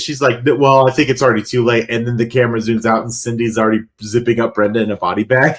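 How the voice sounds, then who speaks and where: A man co-hosting a podcast, retelling movie scenes in an animated way and acting out the lines. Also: medium pitch, fairly quick, hardly any pauses. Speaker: podcast co-host. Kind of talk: casual movie recap chat.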